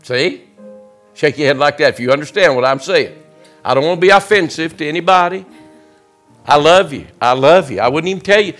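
A middle-aged man preaching an impassioned sermon in a church, swinging between loud shouts and quiet, close asides. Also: on the high side. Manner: preaching with rising shouts and sudden drops to quiet. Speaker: guest preacher. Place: church sanctuary.

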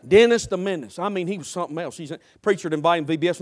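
A man's voice: high-pitched, very fast, a little mellow. A man preaching a sermon as pastor, emphatic, repetitive and humorous.

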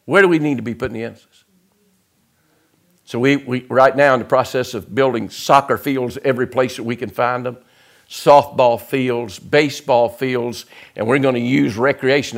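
A middle-aged man preaching an impassioned sermon in a church, swinging between loud shouts and quiet, close asides. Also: mid-range voice, normal speed, vocal fry. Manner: preaching with rising shouts and sudden drops to quiet. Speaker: guest preacher. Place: church sanctuary.

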